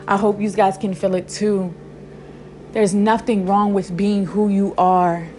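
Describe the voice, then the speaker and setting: A woman's voice: medium pitch, a little mellow. A woman giving a fervent faith-filled pep talk straight to her viewers, repeating phrases for emphasis. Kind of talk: impassioned faith monologue to viewers.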